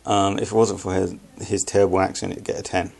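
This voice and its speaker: Low gravelly young man reviewing a film. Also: little pitch movement, darkish tone. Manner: halting, many fillers and restarts. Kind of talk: casual spoken film review.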